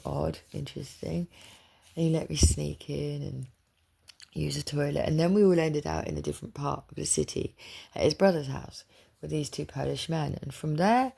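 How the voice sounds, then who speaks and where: Woman, gravelly fry-laden voice, husky, rambling confiding storyteller. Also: deep voice, moderate pace, mellow. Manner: chatty, digressive, confiding. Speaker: spiritual reader.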